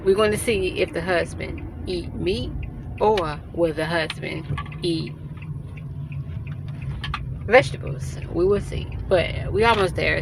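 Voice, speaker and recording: A woman's voice: fairly low pitch, gravelly. A woman casually chatting to her viewers while riding in a car. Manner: chatty, addresses viewers as y'all. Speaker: vlogger. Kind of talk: casual vlog chat. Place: in a car, then at a restaurant. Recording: loud road noise from a moving car. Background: car and traffic noise.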